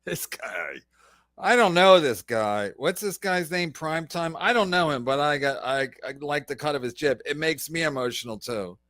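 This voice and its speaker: Male podcast host, bright edgy tone, sarcastic heckler, dry room. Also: a little high, lively intonation, moderate pace, few pauses, no room sound. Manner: sarcastic, loud profane interjections. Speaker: podcast host reacting to a clip. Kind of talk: mocking commentary.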